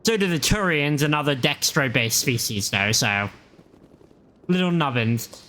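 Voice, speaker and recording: A man giving casual, animated live-stream commentary on a game. He swears freely and quotes lines from it. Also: medium pitch, measured pace, a little hiss or hum. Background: game music.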